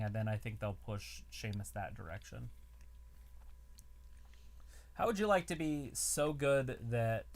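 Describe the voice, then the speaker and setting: A man co-hosting a live wrestling watch-along, chatting casually and speculating out loud about where things are heading. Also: mid-range voice. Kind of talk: casual live reaction chat.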